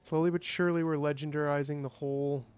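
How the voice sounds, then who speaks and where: A man's voice: fairly high pitch, flat delivery, quick pace, darkish tone, clean tone, faint music behind. A man streaming a game, chatting casually and thinking aloud, with playful sound effects. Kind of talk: casual gameplay livestream chat.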